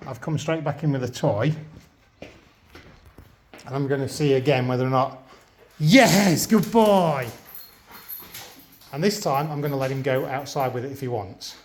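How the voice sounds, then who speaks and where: A man working as a dog trainer, calmly explaining a training demonstration and switching to high, upbeat praise for the dog. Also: normal speed.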